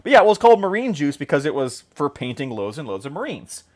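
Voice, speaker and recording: A man's voice: fairly high pitch, very animated, quick pace. A man hosting a hobby stream, chatting casually and rambling with jokes while he paints miniatures. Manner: jokey, rambling, laughs at own jokes.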